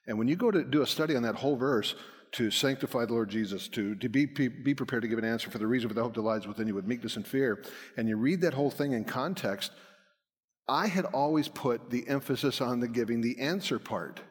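A man's voice: medium pitch, fast talker. A man giving a folksy, self-deprecating church talk as a guest speaker on apologetics. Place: church hall. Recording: long hall reverb.

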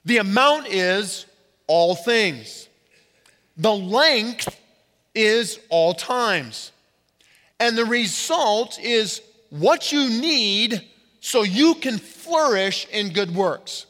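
A pastor giving a sermon to his congregation, leaning hard on key words and slowing down to stress them. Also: high voice, expressive, fairly bright tone. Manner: emphatic preaching with slow stressed words. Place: church sanctuary. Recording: reverberant hall.

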